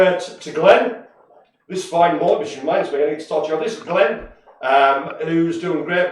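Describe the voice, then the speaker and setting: Chatty man in echoey room. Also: on the high side. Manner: chatty and jokey, many fillers. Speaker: co-host giving shout-outs. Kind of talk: casual live-stream chat. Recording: echoey room, distant mic, faint noise.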